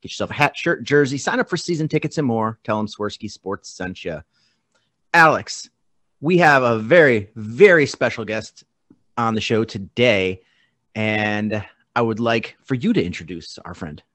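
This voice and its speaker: A man hosting a sports podcast in a casual tone, moving quickly through a sponsor read. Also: fairly low pitch, expressive, a bit bright, dry recording. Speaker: podcast host.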